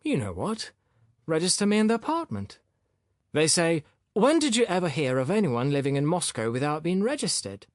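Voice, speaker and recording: A man's voice: fairly high pitch, very animated, normal speed, no room sound, clean studio sound, pitched above the performer's own voice. A male narrator voicing a boorish, insolent young man who talks back cockily and indignantly. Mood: self-righteous. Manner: cocky, indignant, sullen.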